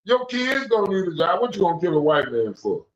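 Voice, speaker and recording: A young man hosting a casual livestream panel, telling stories in an animated, slangy way. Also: high-pitched, a little fast. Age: young adult. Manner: animated ranting storyteller, slangy. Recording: echoey, dull lo-fi audio.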